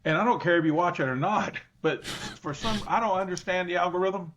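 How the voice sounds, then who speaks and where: Folksy Southern football coach. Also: male voice, high voice, brisk, fairly bright tone, a little hiss or hum. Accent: Southern American. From Southern United States. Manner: folksy and self-deprecating. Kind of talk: casual podcast chat.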